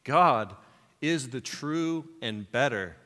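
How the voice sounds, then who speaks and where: A man preaching a sermon as pastor, telling a movie story with animated quoted lines before turning it into a spiritual point. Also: mid-range voice, takes it slowly, long reverb tail. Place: church sanctuary.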